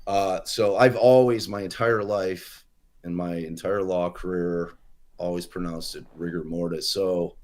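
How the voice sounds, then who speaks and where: A man with a fairly low voice talks in loose, unscripted podcast banter. He tells a long, meandering story with lots of fillers and restarts, and he swears freely. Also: fairly even intonation, measured pace, a little mellow. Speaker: podcast co-host, lawyer.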